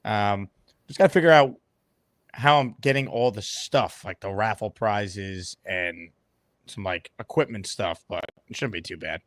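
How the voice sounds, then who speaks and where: A man's voice: on the low side, a little slow, a bit bright, no room sound. A male guest in a casual chat, easygoing and dry-humored.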